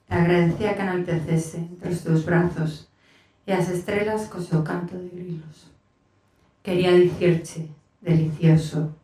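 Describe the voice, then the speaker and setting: A woman whose first language is Galician introducing and reading a poem aloud, slow and careful. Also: fairly low pitch, warm tone. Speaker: poet reading. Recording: very echoey venue from a distance.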